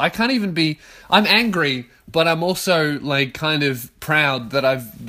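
A man in his twenties with an Australian accent hosts a solo podcast from his own bedroom. His voice sits a bit higher than most men's, and he swears constantly. He rants in loud, fired-up bursts. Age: 20s. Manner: profane, ranting, loud outbursts. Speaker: podcast host. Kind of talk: casual solo podcast rant.

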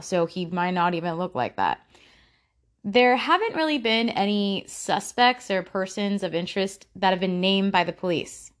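Slow, halting woman podcast host. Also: medium pitch. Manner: halting, with restarts and fillers. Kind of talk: casual true-crime narration.

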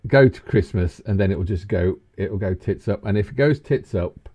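A man in his fifties co-hosting a casual chat, rambling and animated. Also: fairly quick, husky. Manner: animated, rambling, breaks into high laughs. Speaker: co-host. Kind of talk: casual banter.

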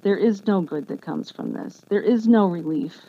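A woman giving an earnest, emotional personal testimony as an interview guest, speaking haltingly with many restarts. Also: mid-range voice. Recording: dull lo-fi sound with faint background noise.

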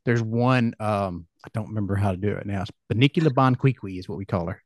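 A man in his forties hosting a casual chat, telling stories in a relaxed way with chuckles. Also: fairly low pitch, fast, no room sound, studio quality. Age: 40s. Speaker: podcast host.

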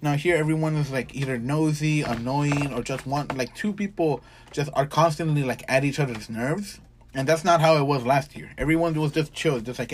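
A man's voice: fairly high pitch, lively intonation, a little fast. A young man hosting a casual podcast, rambling through stories, swearing freely and acting out what people said. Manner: rambling storyteller, swears freely, acts out quotes. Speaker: podcast host. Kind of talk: casual chat.

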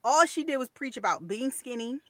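Woman co-host gabbing away, opinionated, kinda high bright voice, dry sound. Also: lively intonation, fairly quick, no echo. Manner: chatty, opinionated, storytelling. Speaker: podcast co-host. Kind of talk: casual chat.

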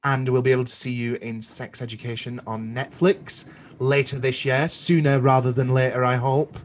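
A man's voice: mid-range voice, level tone, moderate pace, a little hiss or hum. A young man hosting a podcast, joking and self-deprecating as he chats and signs off. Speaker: podcast host. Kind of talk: casual chat.

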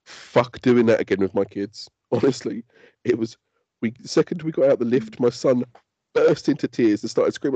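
A man's voice: medium pitch, moderate pace, husky, no room sound, highs cut off. A man, co-hosting a podcast in casual chat and telling stories with lots of swearing. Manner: sweary, animated storytelling. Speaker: podcast co-host.

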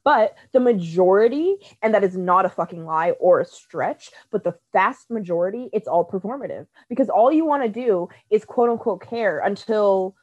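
A woman talks heatedly on a casual podcast, blunt and sarcastic with plenty of swearing. Her voice sits at an ordinary middle pitch. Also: animated, normal speed, hardly any pauses, a little mellow, highs cut off. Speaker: podcast co-host.

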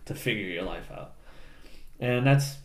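A man co-hosting a casual podcast, recapping a film with lots of laughter and quick impressions of the characters. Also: fairly low pitch, expressive, echoey room. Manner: laughing, acts out lines in silly voices. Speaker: podcast co-host. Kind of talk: casual movie recap chat.

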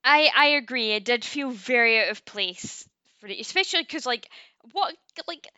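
Bright, laughing woman podcast host. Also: fairly high pitch, animated, moderate pace, clean tone, no echo. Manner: laughs often, swears casually, acts out characters. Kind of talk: casual chat.

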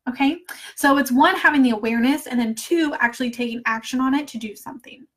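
A woman with a somewhat high voice, chatting casually and candidly with her viewers as a money mindset coach. She laughs easily and talks in a loose, friendly flow. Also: quick pace, a bit bright. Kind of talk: casual live chat answering viewer comments.

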